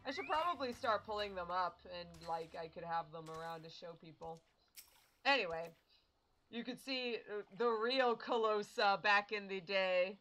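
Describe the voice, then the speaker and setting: A woman's voice: medium pitch, expressive, normal speed, fairly bright tone, faint music behind, poor audio. A young woman casually commenting on a game as she plays, rambling and chatty. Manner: rambling, chatty, self-interrupting. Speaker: let's play streamer.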